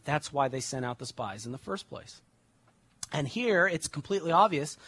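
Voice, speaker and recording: A young adult man preaching, reading scripture slowly and then explaining it in casual everyday words. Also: on the high side, a bit bright, no echo.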